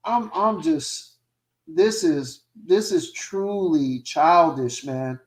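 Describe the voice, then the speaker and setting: A man's voice: sits high, measured pace. A man, a co-host, ranting heatedly in casual talk, swearing often and repeating himself for emphasis.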